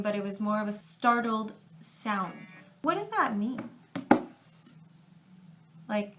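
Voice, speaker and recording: A young woman reading fanfiction aloud for comedy, breaking off into sarcastic asides, dropping into whispers and jumping to loud outbursts. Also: fairly high pitch, lively intonation, slow pace, long pauses, a little hiss or hum.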